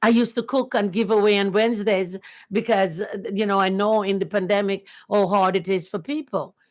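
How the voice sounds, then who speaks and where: A woman's voice: medium pitch, steady tone, normal speed. A woman chatting casually and earnestly on her first livestream, repeating herself often. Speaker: livestream host.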